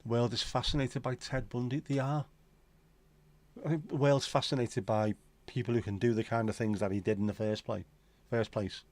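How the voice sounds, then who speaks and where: A man's voice: mid-range voice, fairly even intonation, normal speed, darkish tone. A man hosting a casual livestream chat, reading out viewer comments in a bantering, crude, sweary way. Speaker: livestream host.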